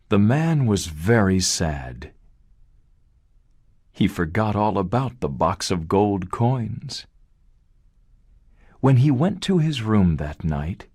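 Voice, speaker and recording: Slow, expressive male storyteller. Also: on the low side, slightly rough, no room sound, studio quality. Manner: deliberate, expressive narration. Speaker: English teacher. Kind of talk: slow storybook reading for language learners.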